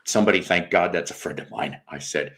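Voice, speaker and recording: Animated storytelling man, swinging voice. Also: fairly quick, gravelly. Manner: animated storyteller, swings between low mutters and high exclaims. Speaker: host. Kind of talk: casual storytelling chat.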